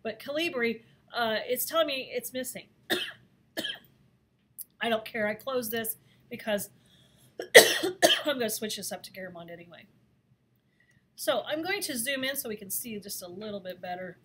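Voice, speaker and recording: Chatty woman teaching design software. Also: on the high side, lively intonation, normal speed, long pauses, husky. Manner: chatty, thinks aloud with fillers. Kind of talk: screen-recorded software lesson.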